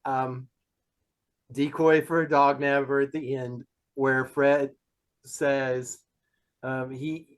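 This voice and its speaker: A man on a fan podcast panel, talking in a relaxed, halting way. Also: mid-range voice. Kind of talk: casual podcast chat.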